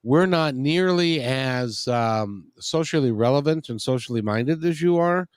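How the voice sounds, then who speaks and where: Brief: male host, American, mid-pitched, dry close sound, chatty and joking. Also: lively intonation, measured pace, clear, resonant tone, dry recording. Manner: rambling, jokey. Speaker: interview host. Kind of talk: casual interview chat.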